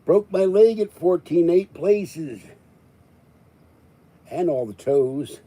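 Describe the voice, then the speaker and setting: A man's voice: on the high side, expressive, slow, warm tone. A man hosting a live stream, rambling and joking as he chats. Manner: joking, rambling, chuckling often.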